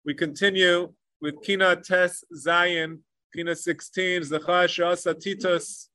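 A man teaching a Torah lecture with passion, mixing Hebrew learning terms into English and swinging between emphatic peaks and hushed asides. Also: high-pitched, level tone, takes it slowly, no room sound, studio quality. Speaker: rabbi. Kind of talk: Torah lecture on the Tisha B'Av kinos.

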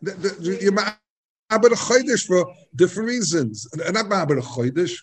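A man teaching a Talmud class, halting and repeating words as he searches for them. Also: high-pitched, expressive.

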